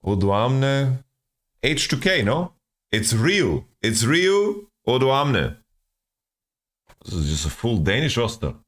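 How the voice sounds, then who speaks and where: A man's voice: mid-range voice, sing-song, a little slow, a bit bright. A man streaming, thinking aloud as he guesses team rosters from player nationalities, often repeating words. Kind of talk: casual stream commentary.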